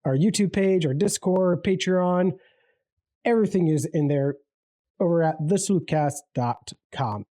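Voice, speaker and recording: A man co-hosting a casual sports picks podcast, easygoing and halting, often repeating his words. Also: high-pitched, warm tone, no echo. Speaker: podcast co-host.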